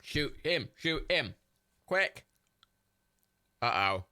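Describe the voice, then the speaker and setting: A man's voice: on the high side, big pitch swings, drawn-out words, bright, forceful tone, clear, resonant tone, dry recording, clean studio sound. A man hosting a livestream, giving joking, swearing running commentary while watching a film. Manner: joking, swearing, chatty asides. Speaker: livestream host.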